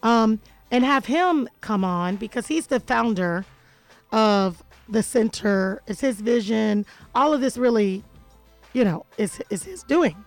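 A woman's voice: on the high side, expressive, measured pace, faint music behind, poor audio. A woman hosting a radio show in a studio, chatting casually and playfully, joking and laughing often.

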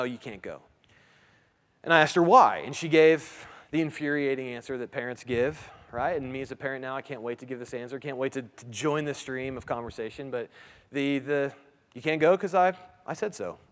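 A man's voice: mid-range voice, fairly bright tone. Man preaching in a reverberant hall. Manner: conversational preaching, frequent self-restarts, asks listeners "right?". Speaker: pastor. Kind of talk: sermon.

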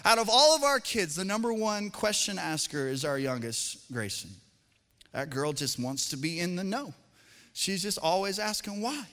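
A high, bright-toned man preaches in a church auditorium, trailing a long reverb behind each phrase. He talks like he's chatting with the crowd, slipping into playful family stories and then easing down into gentle, sincere encouragement. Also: big pitch swings, normal speed. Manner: conversational, jokey storytelling that drops to soft, earnest appeals. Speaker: pastor. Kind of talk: sermon with humorous family anecdotes.

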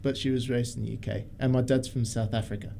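A man's voice: mid-range voice, steady tone, fast, vocal fry, crowd noise. A man in his twenties with a mostly English accent tinged with Australian, chatting casually on a podcast. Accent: mostly English with a slight Australian tinge. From born in the UK, raised in Australia. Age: 20s. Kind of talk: casual chat.

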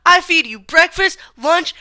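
A woman voicing an angry man who rants and yells at his dog. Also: very high-pitched, lively intonation, measured pace, voice pushed up, heavily acted. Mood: furious ranting. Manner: yelling, ranting.

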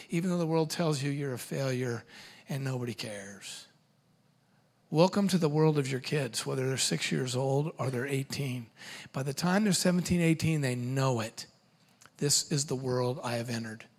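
A middle-aged man giving a humorous seminar talk to parents, animated and quick with joking asides. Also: medium pitch.

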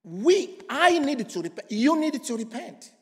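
A preacher from Congo, preaching emphatically and swinging from loud to hushed. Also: male voice, extremely high pitch, big pitch swings, a little slow. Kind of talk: sermon. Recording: long hall reverb.

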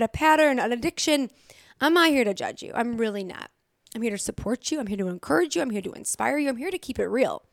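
A woman's voice: fairly high pitch, dry recording, studio quality. A young woman giving a blunt, motivational talk straight to her viewers, swearing often and repeating phrases for emphasis. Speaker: recovery vlogger. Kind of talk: direct-to-camera motivational talk.

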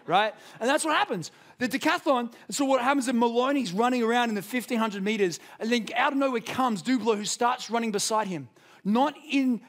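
Australian pastor with a high voice. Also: male voice. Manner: passionate preaching, swinging from loud emphasis to hushed intensity. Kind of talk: sermon.

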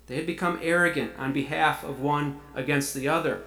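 A man's voice: a little high, steady tone, a little fast, a bit bright, echoey room, low-quality recording. A man preaching a sermon, reading scripture aloud and explaining it earnestly. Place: church sanctuary.

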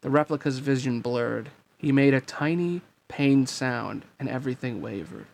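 A man reading a novel aloud in a steady, earnest narration. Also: mid-range voice, moderate pace, gravelly, hardly any pauses. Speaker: reader of a fan story.

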